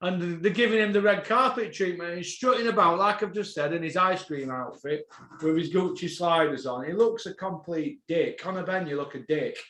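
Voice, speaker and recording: A man hosting a boxing podcast, ranting, swearing and bursting into shouts. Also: high voice, normal speed, reverberant.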